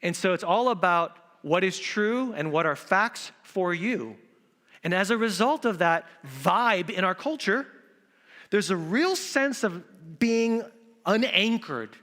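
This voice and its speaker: A male pastor preaching an Easter sermon in a church, animated and acting out quotes in different voices. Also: sits high, slow pace. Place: church sanctuary. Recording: reverberant church hall.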